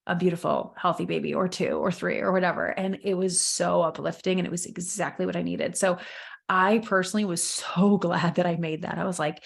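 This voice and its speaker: A woman's voice: a little fast, gravelly. Candid, emotional woman podcast host. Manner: candid and emotional, lively pitch swings. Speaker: podcast host, business coach. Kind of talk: casual solo podcast talk.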